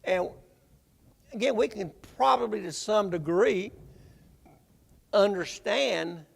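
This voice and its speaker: A man preaching a Bible-class sermon in a halting, conversational way, often repeating words. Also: high voice, animated, creaky, slightly rough. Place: church sanctuary. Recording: reverberant church hall.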